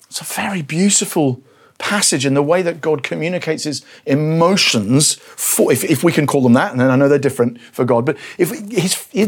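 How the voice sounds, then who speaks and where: Man, pastor, sermon, husky, lively pitch. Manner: animated preaching, voicing God's words with rising intensity.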